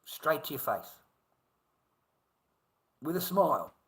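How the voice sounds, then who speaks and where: Ranting Australian man, pitched a bit high. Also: big pitch swings, slow pace, vocal fry, a bit bright, rough recording. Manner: rambling, profane rant that keeps addressing viewers as mate. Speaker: livestreamer. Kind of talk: casual livestream monologue.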